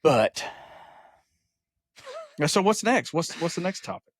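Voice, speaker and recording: A man co-hosting a podcast in relaxed casual chat, enthusiastic with lots of hesitant fillers. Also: fairly high pitch, unhurried, dry recording, clean studio sound. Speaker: podcast co-host. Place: podcast studio filmed on camera.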